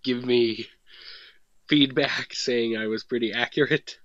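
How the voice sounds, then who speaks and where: A man's voice: medium pitch, fairly even intonation, takes it slowly, a bit bright, dry recording, dull audio. A man hosting a podcast, chatting casually in a jokey, self-deprecating, rambling way. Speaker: podcast host. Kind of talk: casual chat.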